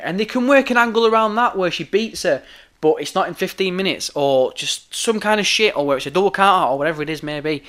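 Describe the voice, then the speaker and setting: A hoarse man rants into his podcast microphone, swearing freely and circling back over his points. His voice is bright, forceful and a touch high, worn rough from talking at length. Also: expressive, fast talker. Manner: heated, sweary, repeats himself. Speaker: podcast host. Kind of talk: ranting podcast commentary.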